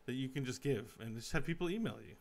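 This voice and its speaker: A man hosting a casual comedy podcast, joking around with his co-hosts and trailing off quietly at the ends of his jokes. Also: mid-range voice, lively intonation, fast talker. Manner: jokey, laughs loudly, trails off quietly. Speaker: podcast host.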